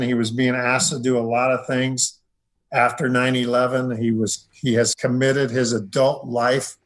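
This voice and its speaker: A man's voice: mid-range voice, a bit bright, low-quality recording. An older man, a retired general and foundation head, answering interview questions in an earnest, plain-spoken way.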